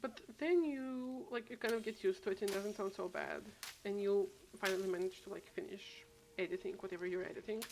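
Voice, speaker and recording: This woman's medium-pitched voice moves at a brisk clip while she streams a game. She chats casually and thinks out loud, restarting often and letting thoughts trail off, with steady noise in the background.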